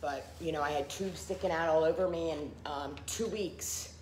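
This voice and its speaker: A woman's voice: sits low, moderate pace, darkish tone, echoey room, a little hiss or hum. A middle-aged woman giving a candid personal recovery testimony, full of fillers and acted-out quotes. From Philadelphia area. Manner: candid, frequent fillers, acts out quoted people.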